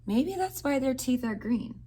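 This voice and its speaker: Lively woman reading a storybook aloud. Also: high-pitched, unhurried, husky. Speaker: teacher.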